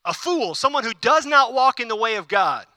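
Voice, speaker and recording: A man's voice: extremely high pitch, sing-song, normal speed, bright, forceful tone, no room sound. A man preaching a sermon, emphatic and repeating key phrases, with conversational asides to the congregation. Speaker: pastor.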